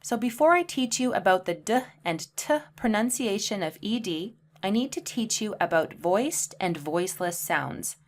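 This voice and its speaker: A woman teaching English pronunciation, saying example words slowly and clearly one at a time. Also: mid-range voice, expressive. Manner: slow, deliberate enunciation of example words. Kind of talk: pronunciation lesson.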